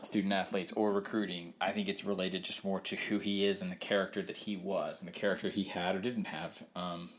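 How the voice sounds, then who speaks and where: A man's voice: low voice, level tone, fairly quick, few pauses. A man working as a sports reporter, talking candidly in a casual podcast interview, rambling, with frequent ums.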